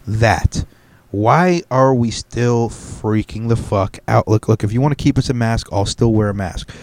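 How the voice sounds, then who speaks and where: Profane ranting young man, low voice. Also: a little mellow, dry recording. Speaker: podcast host. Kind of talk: solo podcast rant.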